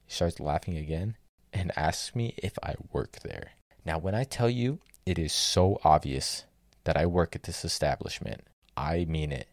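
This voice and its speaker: Deep gravelly young man ranting dryly. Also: normal speed, no room sound, clean studio sound. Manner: exasperated, sardonic, swears freely. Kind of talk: casual storytelling rant.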